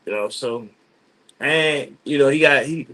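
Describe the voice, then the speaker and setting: A man in casual chat on a video call from his office, talking in loose slang with lots of halting restarts. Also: mid-range voice, pushed and bright. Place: office at work.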